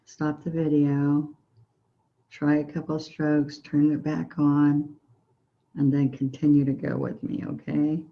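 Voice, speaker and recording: Talking through every brushstroke in a gentle, encouraging way, a Southern US-accented painting instructor leads a relaxed tutorial. Her low-pitched voice has vocal fry and moves at a slow pace, and the audio is dull.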